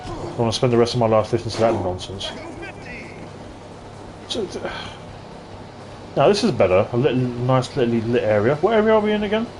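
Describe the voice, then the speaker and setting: A man's voice: medium pitch, sing-song, brisk, pauses often, a little mellow, a little hiss or hum. A man from London chatting casually and ranting in asides while live-streaming a retro game at his desk mic.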